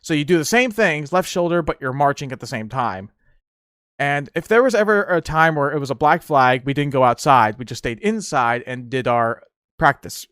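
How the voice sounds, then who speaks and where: Animated young man recounting boot camp. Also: a little high, moderate pace, clear, resonant tone, no room sound, clean studio sound. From United States. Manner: animated, laughs often, acts out yelling drill instructors. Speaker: podcast host. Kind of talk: casual solo storytelling.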